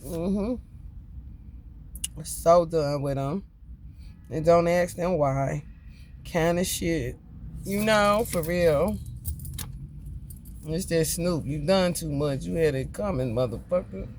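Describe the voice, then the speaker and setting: A man's voice: a little high, slow, long pauses, a little mellow, a little hiss or hum. A man giving a casual tarot reading, profane, chatty and laughing often. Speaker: tarot reader.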